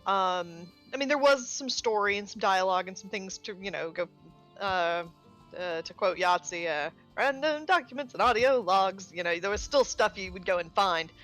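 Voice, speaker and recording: A woman chatting casually on a live gaming stream, expressive and full of filler words and mild swearing. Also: fairly low pitch, normal speed, faint music behind. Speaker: streamer co-host. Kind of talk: casual chat while gaming.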